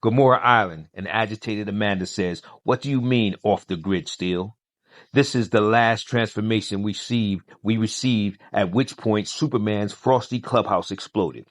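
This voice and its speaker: A man's voice: fairly low pitch, normal speed, no room sound, clean studio sound. A man narrating a comic book story, reading every character's lines with little change of voice between quotes.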